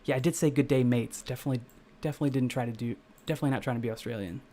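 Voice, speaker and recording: A man's voice: medium pitch, rapid-fire, dark tone, slight background noise. A young man from the Midwestern United States, chatting casually with viewers as he codes on a live stream, rambling and correcting himself as he goes. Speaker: game developer streaming live. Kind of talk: casual live-stream chat while coding.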